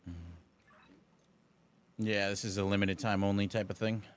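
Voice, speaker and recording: Man, live game streamer, casual commentary, dry sarcastic banter, lowish pitch. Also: level tone, normal speed, smooth.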